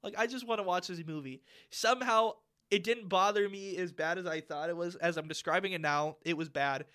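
A man's voice: high-pitched, brisk, pushed and bright, clean tone. A young man co-hosting a casual podcast chat, ranting and swearing freely with lots of fillers. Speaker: podcast co-host.

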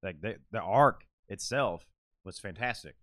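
A lowish-voiced man on a podcast, talking casually and recounting a story in long, rambling runs packed with "like" and swearing. The sound is dry and close, with no room around him. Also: lively intonation, unhurried, fairly bright tone, dry recording. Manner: rambling, filler-heavy, profane storytelling. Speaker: podcast co-host.

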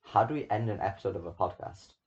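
A man co-hosting a casual podcast, eager and jumping between topics, with excitable bursts. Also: lowish voice, fast, lo-fi sound. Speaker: podcast co-host. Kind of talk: casual chat.

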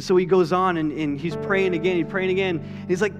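Casting: male pastor, slightly higher voice, casual sermon delivery with repeated words, guitar music underneath. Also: fairly even intonation, fairly quick, in a large hall. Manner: conversational, repeats words, acts out quotes.

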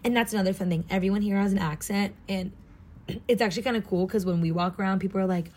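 A jet-lagged, tired-sounding young woman from SoCal vlogs casually about studying abroad, talking fast in a medium-pitched, slightly mellow voice with fairly even intonation. Her manner is bubbly and effusive, full of "like."

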